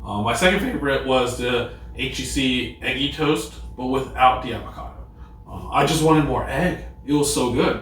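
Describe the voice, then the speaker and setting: A relaxed man hosts a casual food review chat, pausing on fillers as he ranks dishes. His voice sits at a medium pitch. He is picked up from a distance in a very echoey restaurant room. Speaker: host. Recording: echoey room, mic far off.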